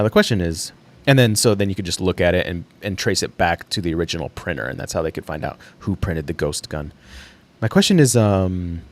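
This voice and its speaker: A young man hosting a casual solo livestream, thinking aloud in a rambling way with fillers and the odd laugh. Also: deep voice. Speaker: livestream host.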